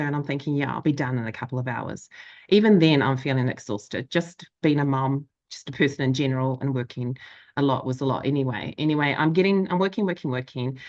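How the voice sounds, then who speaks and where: A low-pitched woman in her thirties recounts her own story in a candid, reflective way. She slips into quoted inner voices and fills her talk with ums. The audio is a little dull and lo-fi. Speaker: life coach and show host. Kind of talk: candid personal storytelling to an audience.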